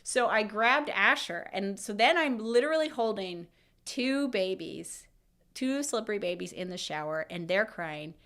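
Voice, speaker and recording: A woman in her thirties tells a personal story as a podcast co-host. Her voice sits at an ordinary pitch, and she talks in a lively, emotional way, acting out her own thoughts as she goes. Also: a little slow. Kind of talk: casual chat.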